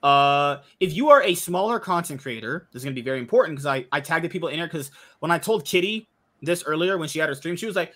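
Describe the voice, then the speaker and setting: A man's voice: fairly high pitch, lively intonation, quick pace, bright, forceful tone. A man hosting a casual podcast chat, joking and swearing as he talks. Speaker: podcast host.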